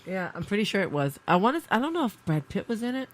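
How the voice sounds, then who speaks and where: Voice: medium pitch, fast. A podcast co-host in a studio, chatting casually and animatedly, firing off questions. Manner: animated, asks many questions. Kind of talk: casual chat.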